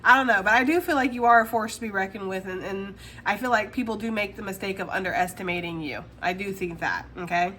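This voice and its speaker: A woman's voice: mid-range voice, fast talker, few pauses, pushed and bright, a little hiss or hum. A woman giving a casual tarot reading straight to the viewer, chatty and laughing often. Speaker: tarot reader.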